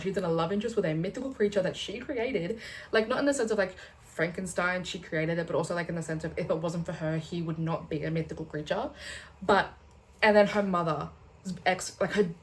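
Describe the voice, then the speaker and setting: Chatty, excitable young woman, lowish voice. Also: slight background noise. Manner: rambling, excitable, swears and laughs often. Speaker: booktuber. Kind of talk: casual chatty vlog.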